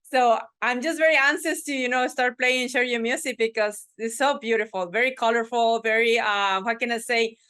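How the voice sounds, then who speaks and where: A woman's voice: fairly high pitch, steady tone, moderate pace, hardly any pauses, fairly bright tone, smooth. Effusive woman podcast host, many restarts. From Mexican family, works from the United Kingdom audience side. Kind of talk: casual interview chat.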